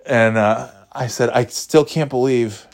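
A man casually telling a funny personal story, animated and acting out the dialogue, laughing often. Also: mid-range voice, measured pace, gravelly. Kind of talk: casual anecdote.

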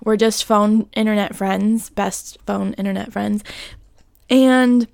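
A woman's voice: medium pitch, fairly even intonation, takes it slowly, vocal fry, darkish tone, dry recording. Chatty self-mocking woman podcast host. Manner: chatty, self-deprecating, laughs often, swears. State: hiccups. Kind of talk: casual podcast chat.

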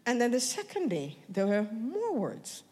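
An American woman preaching a sermon, animated, often asking the crowd questions and building up to shouting. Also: a little high, measured pace. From United States. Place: church. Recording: long reverb of a church hall.

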